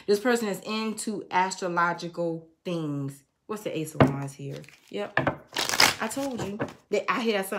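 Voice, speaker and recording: A woman's voice: medium pitch, measured pace. A woman giving an emotional tarot reading to her viewers. She speaks in a preachy way and breaks into snatches of songs. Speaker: tarot reader.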